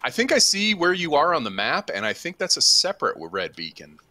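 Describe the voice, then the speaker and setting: A man's voice: fairly high pitch, wildly swooping pitch, a little fast, bright, forceful tone. A man in casual voice chat, rambling and commenting on his own play while gaming with friends. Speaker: gamer.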